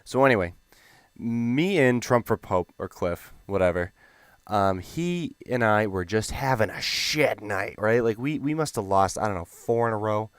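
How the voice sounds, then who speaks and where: A young man telling a gaming story in a rambling, animated, profane way. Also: on the low side, measured pace, no room sound. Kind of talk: casual storytelling.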